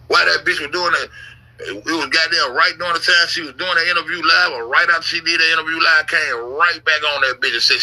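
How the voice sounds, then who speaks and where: Profane, rambling man with a husky voice. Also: fairly high pitch, brisk, bright, forceful tone, rough recording. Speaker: YouTube commentator. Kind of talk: casual livestream storytelling.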